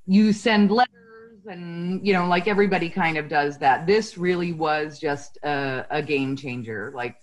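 A woman's voice: sits low, normal speed, hardly any pauses, low-quality recording. A woman real estate agent telling a heartfelt story in a chatty way, full of fillers. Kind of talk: casual storytelling.

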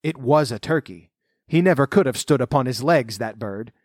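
A man narrating a storybook, reading in an expressive, lively way. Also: mid-range voice, moderate pace, no echo, clean studio sound.

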